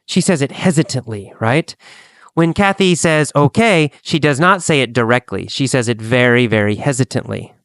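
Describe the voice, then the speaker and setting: A man teaching an English lesson, speaking slowly and deliberately and repeating phrases for learners to copy. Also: medium pitch, fairly bright tone, no room sound. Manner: slow, deliberate, repetitive drilling.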